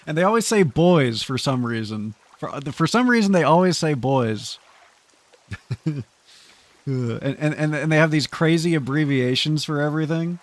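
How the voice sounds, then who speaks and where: A young man casually commenting on a game he is playing, chatty and quick to laugh, often stammering through restarts. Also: a little high, lively intonation, no room sound. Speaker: streamer.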